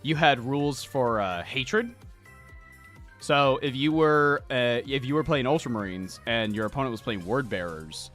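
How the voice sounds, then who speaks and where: A man co-hosting a casual podcast while painting miniatures. He talks in an animated way, swearing freely and telling stories quickly. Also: mid-range voice, faint music behind. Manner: animated, swearing, fast storytelling. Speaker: podcast co-host.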